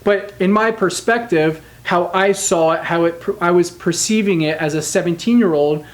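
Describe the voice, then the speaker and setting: A man's voice: sits high, moderate pace. Emphatic man telling a personal story. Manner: candid, emphatic, often asks "right?". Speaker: motivational speaker. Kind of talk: storytelling monologue.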